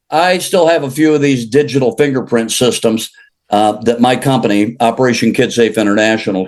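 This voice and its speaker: The guest, an older country artist from Illinois, has a mid-range voice with a darkish tone. Chatting casually, he rambles through joking anecdotes and laughs along at his own stories.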